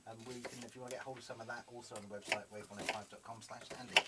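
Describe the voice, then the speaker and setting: Fast, chatty male radio host, a bit off-mic in a noisy studio. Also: medium pitch, flat delivery, far from the mic. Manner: chatty, rambling with fillers, eating while talking. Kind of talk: casual local radio chat.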